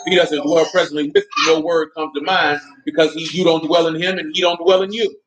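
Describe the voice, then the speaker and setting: Conversational preacher, man, fairly high voice. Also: flat delivery, fast talker, fairly bright tone, poor audio. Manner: conversational preaching, colloquial, asks listeners questions. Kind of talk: sermon.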